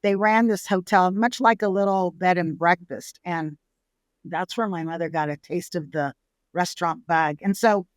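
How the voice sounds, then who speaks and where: A middle-aged woman from San Antonio, Texas, a restaurateur telling her family's history in a relaxed interview, lively and acting out the people she quotes. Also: on the low side, normal speed, no echo. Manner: lively storyteller who acts out family quotes. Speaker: restaurateur guest. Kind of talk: casual storytelling interview.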